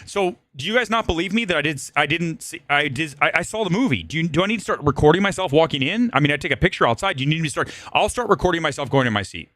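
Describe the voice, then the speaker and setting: Lively, rambling male stream host. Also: fairly high pitch, racing, hardly any pauses, no echo. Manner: rambling, joking, profane. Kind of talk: live-stream movie talk.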